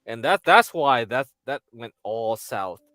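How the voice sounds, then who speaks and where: A man's voice: mid-range voice, big pitch swings, slow pace, bright, forceful tone, no echo. A man ranting loosely in casual chat, rambling and swearing with frequent laughs. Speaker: podcast host.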